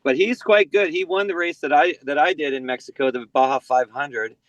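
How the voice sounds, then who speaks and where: This forties-aged man from San Diego, USA, chats casually as a podcast guest, rambling with frequent "you know"s and false starts. He sounds a little high and a bit bright, with a brisk delivery and no room sound.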